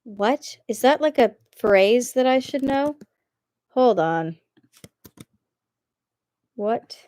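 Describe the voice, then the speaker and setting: A woman's voice: fairly high pitch, animated, extremely slow, a little mellow. A woman live-streaming as she reads online posts aloud, chatty and giggly, often breaking off to comment. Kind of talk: casual live-stream reading.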